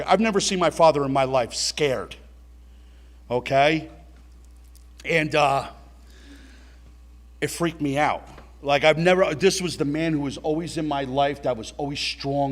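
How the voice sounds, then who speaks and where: At a recovery meeting, a middle-aged man with a medium-pitched voice tells a blunt personal story. He swears and speaks directly to the people listening.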